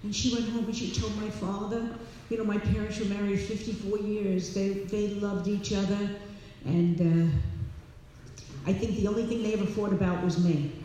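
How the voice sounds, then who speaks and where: Lady telling her recovery story to a crowd, lively, booming hall echo, faint room hum. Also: moderate pace. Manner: warm, animated storytelling with laughs and repeats. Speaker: speaker at a recovery meeting. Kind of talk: personal recovery share to an audience. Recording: echoey hall, distant mic.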